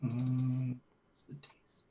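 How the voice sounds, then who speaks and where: A man acting as game master for a tabletop game played over an online call, relaxed and chatty. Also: mid-range voice, slow, very noisy. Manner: relaxed, chatty, cursing mildly at stream problems.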